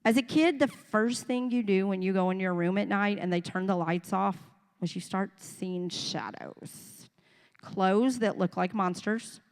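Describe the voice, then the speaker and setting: A middle-aged woman preaching a sermon in a church, telling stories and acting out voices. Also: fairly high pitch. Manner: storytelling, animated, acts out voices of children and parents. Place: church sanctuary. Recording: long reverb of a church hall.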